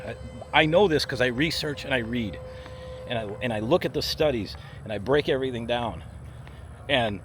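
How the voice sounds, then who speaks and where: A man, a firefighter paramedic, talking bluntly and emphatically to camera on a walk-and-talk vlog outdoors. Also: mid-range voice. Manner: blunt, emphatic, acts out body parts in voices. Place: outdoors in a theme park area. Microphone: handheld camera while walking. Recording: faint street and traffic noise outside.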